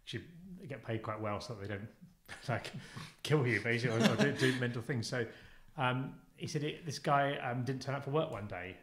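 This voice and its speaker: Man, quick rambling storyteller, casual podcast, roomy echo. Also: medium pitch. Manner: rambling storyteller, many restarts and fillers. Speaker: podcast guest or host. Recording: echoey room.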